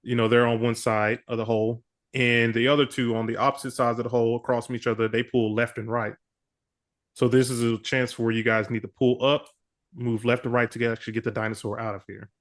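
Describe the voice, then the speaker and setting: A man running a tabletop role-playing game as game master, explaining the scenes in a relaxed, loose way. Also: mid-range voice, a little fast.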